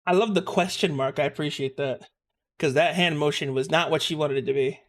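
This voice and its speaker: A man's voice: a little high, fairly quick. A young man streaming live, joking around and chatting with his viewers as he reacts to a video. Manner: joking, animated, talks to chat.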